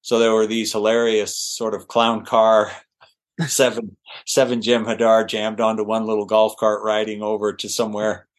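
Animated storytelling man. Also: fairly low pitch, normal speed. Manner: animated, laughing, with restarts and fillers. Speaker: actor guest. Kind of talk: anecdotal storytelling.

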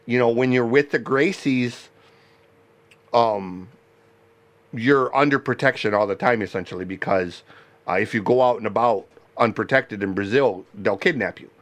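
A man hosting a podcast, talking in a rambling, halting way with many restarts and frequent laughter. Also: mid-range voice. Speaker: podcast host. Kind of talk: casual interview chat.

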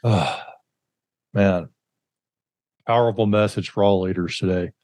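A man with a fairly low voice hosts an interview, affirming his guest and circling through long questions before landing them. The sound is dry, with no room echo. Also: unhurried, a little mellow. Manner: encouraging, affirming, rambling questions. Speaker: podcast host. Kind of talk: interview conversation.

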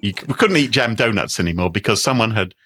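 A man's voice: on the low side, expressive, fast, sharp tone, slightly rough. A man co-hosting a casual chat show, telling wry stories and laughing often. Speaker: podcast host.

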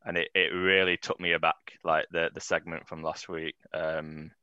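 A man with a very deep, flat, smooth voice that is also bright and clear. He speaks in a measured, reflective way on a casual podcast, heard on a dry, dull-sounding recording. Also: no room sound. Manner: measured, reflective, asks the others' views. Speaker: podcast co-host. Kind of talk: casual wrestling discussion.

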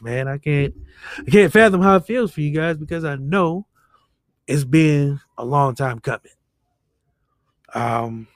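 A man's voice: high voice, no echo, clean studio sound. A man hosting a casual podcast, joking loosely and swearing freely over a remote call. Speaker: podcast host. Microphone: remote call setup.

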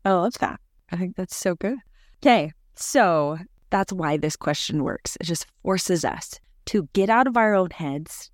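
A woman's voice: fairly low pitch, no echo. Female podcast host, casual and encouraging, steers the chat, dry close mic. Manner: encouraging, guides the conversation.

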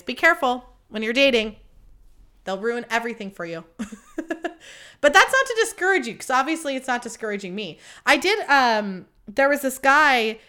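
A young woman talking alone into her podcast mic, her voice bright and fairly high. She rants about dating with big dramatic swings, from loud exclamations down to low mutters, and swears freely while mocking herself. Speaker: podcast host. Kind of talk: candid solo podcast monologue.

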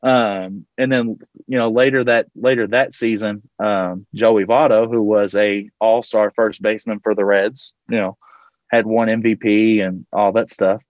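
A man's voice: on the low side, fairly even intonation, a little slow, dry recording, highs cut off. A man from Louisville, a teacher and coach, telling a story as a podcast guest in a rambling way, with lots of fillers and casual swearing. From Louisville, Kentucky.

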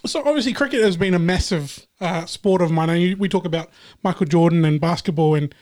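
A man's voice: high-pitched, fairly quick, darkish tone. A man sharing a memory on a casual podcast, earnest and hesitant at the start of his sentences. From New Zealand. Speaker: podcast panelist. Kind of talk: casual chat.

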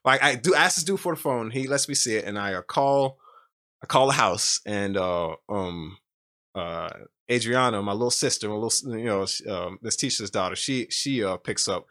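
A man's voice: on the low side, moderate pace, bright, forceful tone. A young man telling his story in a casual, rambling way with many fillers and restarts.

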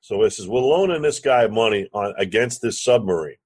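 A man, a real estate lender and podcast guest, telling a lively anecdote and acting out the other voices. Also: on the low side, fairly quick, breathy edge. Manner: animated anecdote teller, acts out quoted dialogue, curses casually. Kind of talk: storytelling in a podcast interview.

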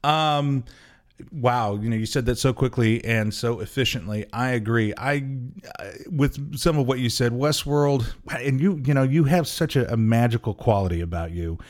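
A man's voice: mid-range voice, moderate pace. A man co-hosting a podcast in casual chat, rambling and hesitant with many restarts, laughing easily. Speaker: podcast co-host.

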